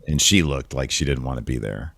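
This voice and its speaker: A man co-hosting a casual wrestling review podcast, joking and talking in an animated way. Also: a little fast, creaky, no echo, clean studio sound. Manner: animated, jokey, jumps into higher pitch for emphasis. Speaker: podcast co-host.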